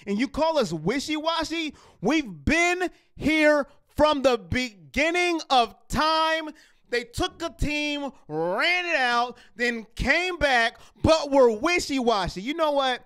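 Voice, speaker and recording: A man's voice: very high voice, animated, measured pace, a bit bright, clean tone. A man hosting a live sports fan show, ranting heatedly and reading viewer comments. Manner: fired up, emphatic, repeats lines for effect.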